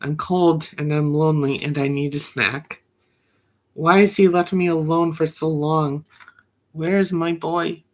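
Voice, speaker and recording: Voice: mid-range voice, fairly even intonation, measured pace, lightly acted. A reader voicing a lonely worried house cat. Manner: plaintive, questioning reading. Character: lonely house cat waiting anxiously for its boy. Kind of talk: poetry reading.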